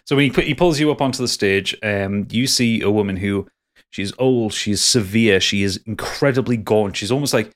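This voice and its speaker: A man narrating a tabletop game as game master in a casual, halting way. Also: on the low side. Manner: casual, halting, lots of restarts.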